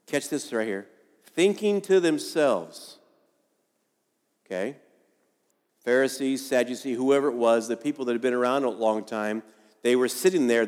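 A man's voice: mid-range voice, darkish tone, big-room sound. A man preaching a sermon and telling a story, acting out the people in it. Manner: storytelling, acts out quoted voices. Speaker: pastor.

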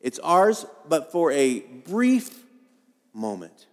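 A man's voice: fairly high pitch, big pitch swings, drawn-out words. A man in his fifties preaching a sermon as pastor, telling homespun stories with self-deprecating humor in a conversational way. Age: 50s. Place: church sanctuary. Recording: long hall reverb.

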